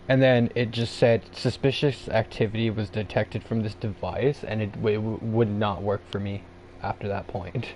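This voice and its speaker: Canadian guy rambling on a livestream, lowish voice, keeps restarting himself, faint hum behind. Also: fairly even intonation, normal speed, a little mellow, rough recording. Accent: Canadian English. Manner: rambling, self-interrupting, laughs at himself. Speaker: livestream host. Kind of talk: casual livestream chat.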